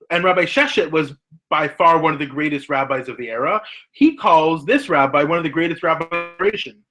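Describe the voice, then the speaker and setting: A rabbi gives a lecture in a fairly high-pitched male voice. He explains his points step by step and pauses on questions to the listener, staying earnest throughout. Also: sharp tone. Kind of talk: recorded lecture.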